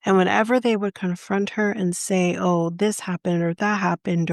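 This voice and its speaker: A woman's voice: mid-range voice, normal speed, hardly any pauses, dry recording, clean studio sound. A Canadian woman co-hosting a podcast, retelling a story in casual chat in an indignant, impassioned and blunt way. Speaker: podcast co-host.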